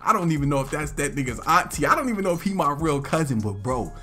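A young man casually telling a funny story to his viewers, slangy and animated, acting out relatives in loud, high voices. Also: fast talker, soft background music. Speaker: vlog host telling a story.

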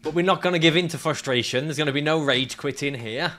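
A man's voice: a little high, quick pace, fairly bright tone, faint music behind. A man streaming a climbing game, ranting, swearing and laughing at his climber as he plays. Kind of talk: live gameplay commentary.

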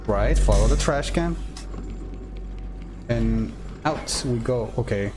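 A man's voice: medium pitch, expressive, takes it slowly, over music. A man playing a horror game on stream, talking to himself and the game creatures in jumpy, nervous commentary. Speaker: gameplay streamer. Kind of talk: let's play commentary.

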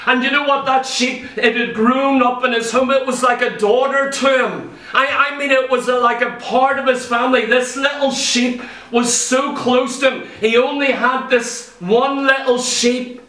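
A man's voice: extremely high pitch, steady tone, moderate pace, few pauses, sharp tone. A man preaching a sermon in a church, telling a Bible story with emphatic repetition. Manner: emphatic storytelling preaching, repeats key phrases. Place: church hall. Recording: roomy church sound, mic far off.

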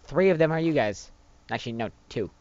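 A man with a raspy voice giving bossy, animated gaming banter in a casual livestream chat. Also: mid-range voice, a little fast. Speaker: friend coaching a gameplay stream. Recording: muffled lo-fi mic.

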